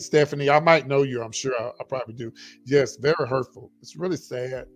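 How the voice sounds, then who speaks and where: A man's voice: mid-range voice, a little fast, faint music behind. A middle-aged man hosting a casual livestream, chatting with viewers, repeating himself and calling them y'all. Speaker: livestream host. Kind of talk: casual livestream chat reading viewer comments.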